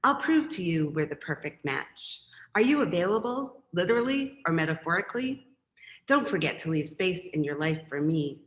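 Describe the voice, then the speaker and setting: A woman's voice: lowish voice, fairly bright tone, echoey room. A woman poet reading her poems, with chatty, rambling asides between them. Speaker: poet and professor. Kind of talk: poetry reading with casual asides.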